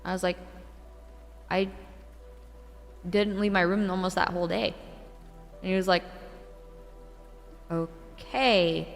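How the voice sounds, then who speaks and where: A young woman streamer telling a true ghost story in a casual, animated way, swearing and laughing between lines. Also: fairly low pitch, slow, vocal fry, pauses often, long reverb tail, soft background music. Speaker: VTuber streamer.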